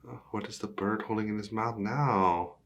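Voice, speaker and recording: A man's voice: lowish voice, steady tone, moderate pace, dull audio. A man reading a picture book aloud to children, often stopping to ask the listener questions. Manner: asks the young listener questions. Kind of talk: children's story read-aloud.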